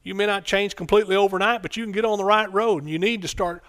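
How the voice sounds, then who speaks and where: A middle-aged man preaching a fervent sermon, calling out for amens and swinging between soft asides and loud bursts. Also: high-pitched, steady tone, fast.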